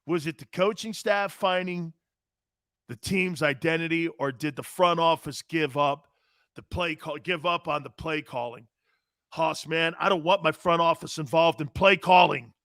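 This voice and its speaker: Speaking at a measured pace in a slightly high voice, this middle-aged sports talk host bellows his takes, curses without restraint and keeps pounding on his catchphrases. The studio-quality recording has no echo.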